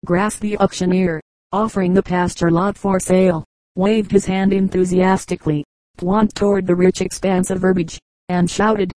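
A woman narrating an audiobook of humorous anecdotes in an even, unhurried reading voice. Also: on the low side, no echo, poor audio. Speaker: audiobook reader.

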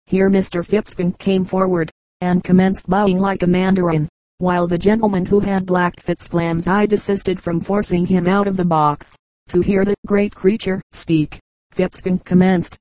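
A woman reading a comic story aloud as an audiobook, moving briskly through the narration and slipping into the characters' lines. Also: fairly low pitch, level tone, mellow, no echo, poor audio. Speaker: audiobook reader.

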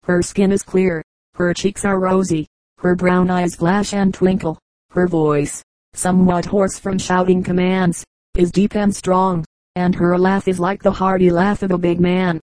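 Low, even-toned woman audiobook narrator. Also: a little slow, no echo, low-quality recording. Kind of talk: audiobook reading of a travel memoir.

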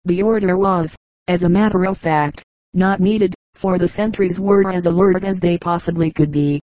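A woman narrating an adventure novel in a steady, even reading that also voices the dialogue. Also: on the low side, moderate pace, no echo, poor audio. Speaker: audiobook reader. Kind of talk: scripted narration.

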